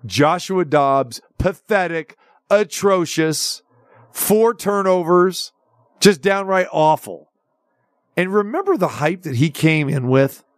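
A man's voice: fairly high pitch, no echo, studio quality. Wisecracking Southern man hosting sports talk. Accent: Southern American. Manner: wisecracking, ranting, teasing. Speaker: sports radio host.

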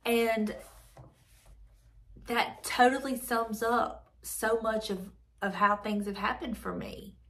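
A woman's voice: a little high, steady tone, takes it slowly, fairly bright tone. Earnest woman reflecting on scripture. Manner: earnest, reflective, repeats phrases. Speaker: devotional channel host. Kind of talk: devotional reading and reflection.

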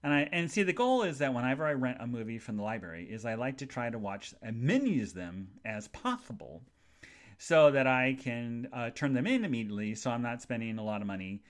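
Animated, chatty male podcast host. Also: medium pitch, a little fast. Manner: chatty, animated storytelling with funny asides. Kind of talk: casual solo podcast monologue.

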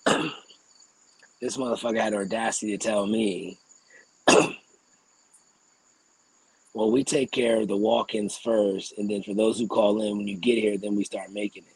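A young adult man, a podcast co-host, telling a story in a casual, profane, animated way and acting out the people he argued with. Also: on the low side, moderate pace, long pauses, husky, no echo, low-quality recording. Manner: animated, profane, acts out quoted exchanges.

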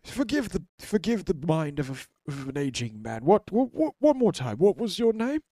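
A man's voice: high-pitched, sing-song, normal speed, dark tone, no echo, clean studio sound. A man voicing a rambling old male ex-soldier in prison, stammering and dithering, getting overexcited. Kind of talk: tabletop role-play voicing.

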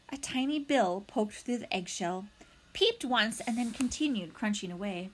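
A woman narrating a children's storybook in an expressive, animated way. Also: on the high side, normal speed.

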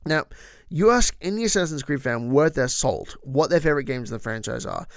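A man's voice: on the high side, clean tone, no echo, clean studio sound. A man hosting a podcast, talking casually and with opinions about trivia, with frequent asides. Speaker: podcast host.

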